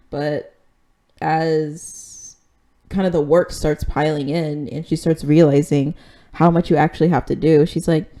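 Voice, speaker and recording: A woman with a deep, dark voice hosts a podcast, recapping an episode in casual chat. She's candid and chatty, with plenty of "like" and "um" plus the occasional casual swear.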